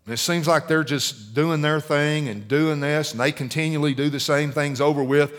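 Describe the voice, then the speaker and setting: Middle-aged guy preaching, kinda high voice, chatty, keeps asking the church stuff. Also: normal speed. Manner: conversational preaching, asks the congregation questions. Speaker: pastor. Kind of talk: sermon.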